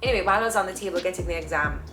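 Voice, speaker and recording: A young Jamaican woman telling her own story in a chatty, animated way, acting out the voices of people she quotes. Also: on the low side, racing. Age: young adult. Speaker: vlogger. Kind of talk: casual personal storytelling. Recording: echoey room with faint music.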